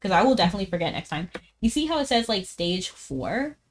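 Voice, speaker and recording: A woman game streamer chatting casually as she plays, talking fast, laughing often and saying "like" a lot. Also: medium pitch, very animated, slight background noise. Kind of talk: casual live-stream chat while gaming.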